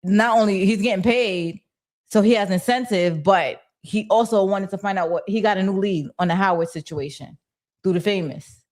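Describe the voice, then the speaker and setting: A young adult woman hosting a casual livestream, reading viewer comments aloud and answering in lively, slangy talk. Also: mid-range voice, normal speed. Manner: animated and slangy, talks back to chat. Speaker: host of a TV recap livestream.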